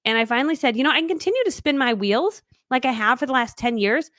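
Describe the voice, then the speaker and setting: A middle-aged woman giving a live online business training, chatty and animated, acting out little back-and-forth dialogues as she teaches. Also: high-pitched, fast talker, dry recording, studio quality.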